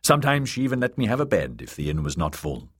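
A man voicing a gentle, kindly older holy man in audiobook dialogue. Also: deep voice, big pitch swings, fast talker, slightly rough, no echo, clean studio sound, full character voice. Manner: kindly, soothing. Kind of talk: audiobook character voice.

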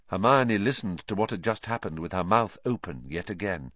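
A man narrates a fantasy novel for an audiobook, his delivery lively and animated with dramatic pauses. His voice sits low, and the recording is dry, close, a bit dull and lo-fi.

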